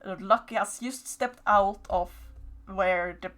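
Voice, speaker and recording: A woman narrating a horror tabletop game as game master, slow and hesitant with many fillers. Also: mid-range voice, a bit bright.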